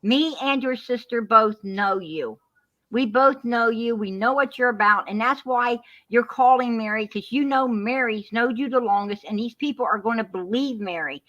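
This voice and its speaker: A woman's voice: fairly high pitch, normal speed, fairly bright tone. A woman speaking on a heated live stream, preachy and repetitive, calling people hon and sweetheart. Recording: muffled lo-fi live-stream audio.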